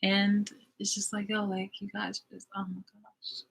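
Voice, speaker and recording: A woman ranting in a casual monologue, exasperated and profane, full of fillers, swinging between loud outbursts and low mutters. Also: monotone, measured pace, creaky, breathy edge.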